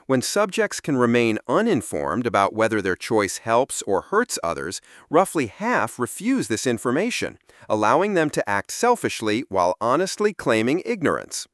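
Man narrating with very lively pitch. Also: no echo, studio quality. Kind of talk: scripted narration.

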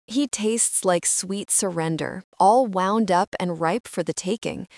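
A woman's voice: mid-range voice, a little slow, a little mellow, no room sound, studio quality, lightly acted. A woman reading a taunting young mafia heir. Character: brash violent young male mafia heir.

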